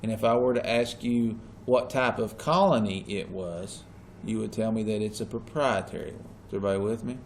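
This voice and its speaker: A man's voice: on the low side, brisk, few pauses, a little hiss or hum. A male teacher lecturing a classroom in a casual way and often checking that the students are following.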